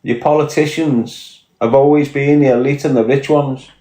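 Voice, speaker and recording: A man's voice: medium pitch, fairly even intonation, normal speed, mellow. Profane Scouse man ranting, roomy sound. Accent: Liverpool Scouse. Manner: blunt, profane, emphatic. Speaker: podcast guest. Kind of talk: podcast rant. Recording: echoey room.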